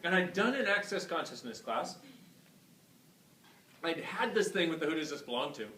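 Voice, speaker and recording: A man giving a live talk to a class, telling a story in an animated way, swearing freely and acting out the people he quotes. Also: fairly high pitch, normal speed. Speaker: workshop facilitator. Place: class venue hall. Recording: echoey room from far off with faint noise.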